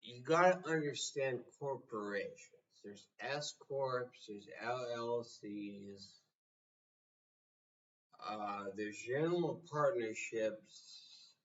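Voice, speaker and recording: A man's voice: mid-range voice, distant mic, muffled recording. A man giving a blunt, profane motivational rant, sounding exasperated. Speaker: motivational speaker.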